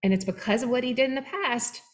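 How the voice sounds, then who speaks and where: A middle-aged woman co-hosting a faith-based talk, telling a personal story with lively, acted-out quotes. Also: fairly high pitch, fast talker. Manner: animated storytelling, acting out quoted voices. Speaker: webinar co-host. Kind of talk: candid faith-based conversation.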